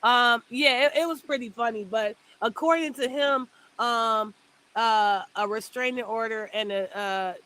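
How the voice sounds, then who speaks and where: A woman's voice: a little high, unhurried, sharp tone, smooth, rough recording. A woman in casual chat, amused as she explains, laughing here and there.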